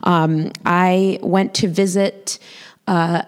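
A woman's voice: lowish voice, little pitch movement, very slow. A woman telling a comic story at a live storytelling show, with dry, self-mocking humor.

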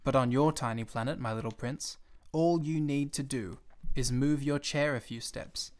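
A man reading a storybook aloud at a middle pitch. His delivery is gentle and expressive, and he never rushes a line. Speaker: storybook reader.

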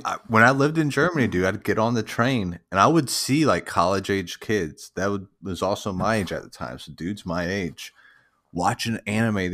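A man in his thirties with a very deep, low voice, chatting on a podcast. He jokes with a straight face and drops "dude" into almost every thought. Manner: deadpan joking, peppers talk with "dude". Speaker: podcast co-host. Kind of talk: casual chat.

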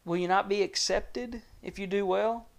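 A male preacher with a fairly high, creaky voice gives an earnest, measured sermon teaching from scripture. His intonation stays fairly even, and his voice drops soft and low at grave points.

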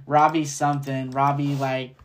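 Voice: mid-range voice, level tone, normal speed. A podcast host delivering a casual solo rant, profane and rambling, jumping between thoughts.

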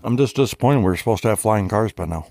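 A man's voice: on the low side, lively intonation, fast talker, creaky, a little mellow, no echo. A man hosting a podcast in crude banter, laughing and egging his friends on. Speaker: podcast host. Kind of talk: casual banter.

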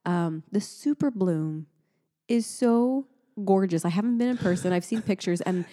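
A young adult woman co-hosting a podcast in casual chat, talking in an animated way, laughing often and sounding sleep-deprived. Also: medium pitch, moderate pace. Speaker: podcast co-host.

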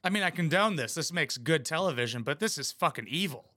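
A man's voice: a little high, expressive, quick pace. A man giving crude, mocking, blunt commentary while reacting to a reality show. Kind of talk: casual profane commentary.

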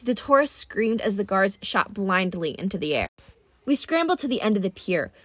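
Adult female narrator reading first-person adventure fiction, brisk and lively; dry, close voice. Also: medium pitch, no echo. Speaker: audiobook reader.

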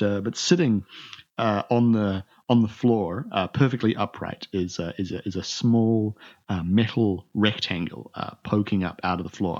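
A man narrating as game master in a tabletop game, stumbling through many repeated words and fillers. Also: on the low side. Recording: dull lo-fi sound.

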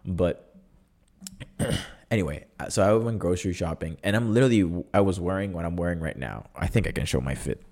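Man, deep pitch, podcast host, casual, rambling, sarcastic, lots of filler words. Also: a little fast, a little mellow. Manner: chatty and rambling, full of "like" and self-corrections; wry and sarcastic. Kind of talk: casual solo storytelling.

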